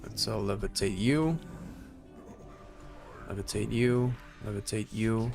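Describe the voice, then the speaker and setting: A man giving casual commentary while playing a game, animated and swearing as he plays. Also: on the low side, takes it slowly, vocal fry, music in the background. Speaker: gaming streamer.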